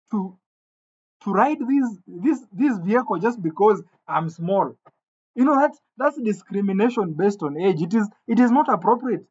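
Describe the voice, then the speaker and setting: Brief: animated male storyteller, husky, muffled lo-fi sound. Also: high voice. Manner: animated, indignant, stumbling restarts. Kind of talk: comic storytelling. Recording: dull lo-fi recording.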